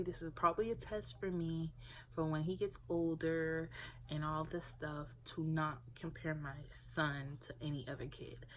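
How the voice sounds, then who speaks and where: Lower-voiced young woman rambling to camera. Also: a little hiss or hum, low-quality recording. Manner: rambling, many filler words. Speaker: parent vlogger. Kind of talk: casual talk to camera.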